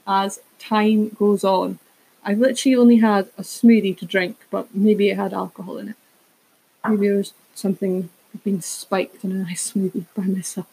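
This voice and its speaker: A woman's voice: medium pitch, fairly even intonation, normal speed, creaky, dark tone, husky, poor audio. A woman hosting a casual solo podcast, rambling through tangents and correcting herself as she goes. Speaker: podcast host.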